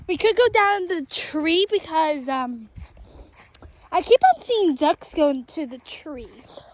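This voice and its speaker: A woman vlogger films herself on a phone while walking around a backyard with trees and chickens, chatting casually and calling her viewers "guys." Her voice is very high-pitched, expressive and slow, the audio is poor, and faint wind noise can be heard.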